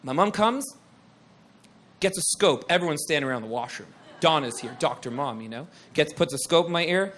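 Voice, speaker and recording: A young man telling a comic story at a live show, excitable and profane, rambling with lots of fillers. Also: fairly high pitch, normal speed.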